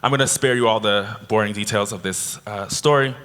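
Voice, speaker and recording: A man from Canada giving a keynote speech, telling a personal story with animated delivery. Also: on the low side, brisk. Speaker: keynote speaker. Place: convention hall.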